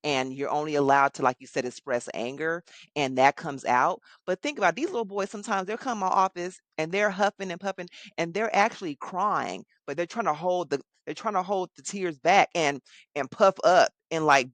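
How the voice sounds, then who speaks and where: A woman's voice: on the low side, normal speed, no echo. Affirming woman host, dry close sound. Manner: warm, affirming, animated. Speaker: host, mental health worker. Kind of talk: casual interview conversation.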